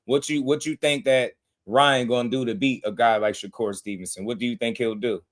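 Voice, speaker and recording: A man's voice: medium pitch, a little fast. Hyped man on a boxing livestream. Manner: animated, laughing, swings from shouting to muttering. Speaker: boxing podcast host. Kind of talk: excited livestream boxing talk.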